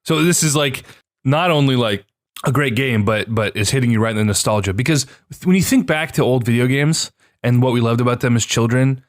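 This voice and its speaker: A young man chatting on a podcast, recorded close and dry with no room sound. He reacts quickly and animatedly, tossing in casual swears. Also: medium pitch, no room sound. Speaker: podcast co-host. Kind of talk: casual chat.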